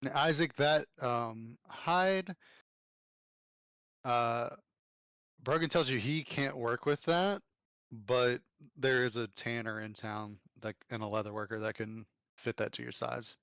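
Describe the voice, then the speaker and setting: A man running a tabletop game as game master, relaxed and thinking aloud as he goes. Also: medium pitch, slow, smooth, no room sound.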